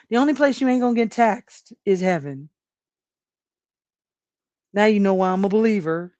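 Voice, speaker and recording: A woman's voice: mid-range voice, expressive, unhurried, long pauses, dark tone, no room sound. Chatty woman livestream host, rambles and laughs a lot and talks to chat; dry, dull home recording. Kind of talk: casual livestream commentary.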